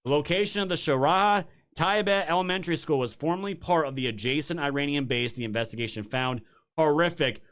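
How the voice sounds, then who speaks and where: A man's voice: fairly high pitch, fast, fairly bright tone, clear, resonant tone. Fired-up man ranting on his show. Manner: heated, profane, sarcastic ranting; talks straight to viewers as "you guys". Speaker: political commentary show host. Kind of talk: live-streamed political rant.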